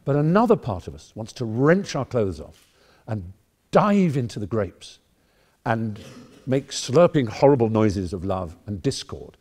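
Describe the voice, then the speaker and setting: A debating society hears from a guest speaker, an English-accented man in his fifties from England, whose mid-range voice is mellow, very animated and a little slow. His address is erudite and wry, and it digresses freely.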